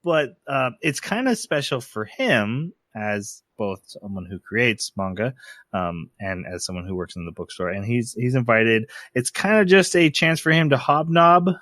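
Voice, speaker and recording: A man co-hosting a podcast, chatting casually and retelling scenes in an animated way. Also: medium pitch, measured pace, no room sound. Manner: animated, retells scenes with quoted voices and laughs. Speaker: podcast co-host. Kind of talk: casual chat.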